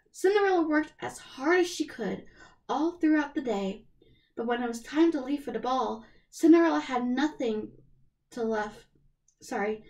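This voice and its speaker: A young woman reads a storybook aloud in a somewhat high, nasal voice. She trips over words now and then and stops to correct herself. It sounds like a simple home recording. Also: a little mellow. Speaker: storybook reader.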